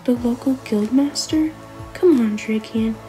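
A woman voicing a gruff, terse male companion in a whispered role-play, curt and scowling. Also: on the high side, unhurried, warm tone, faint music behind, natural voice, poor audio. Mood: impatient.

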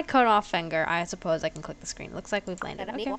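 A woman's voice: on the low side, fast talker, few pauses, fairly bright tone. A woman giving chatty, giggly, self-deprecating commentary as she plays a computer game at home. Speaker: gaming video creator.

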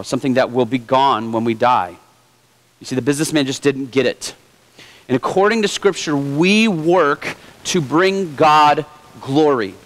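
A man's voice: mid-range voice, a bit bright, low-quality recording. A male pastor preaching a sermon in a conversational way with light humor. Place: church.

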